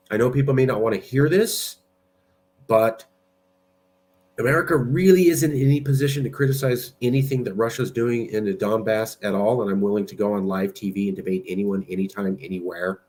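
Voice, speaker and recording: Low-voiced man, combative political talker, blunt and argumentative. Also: a little mellow. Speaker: political movement president. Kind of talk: political commentary with screen share.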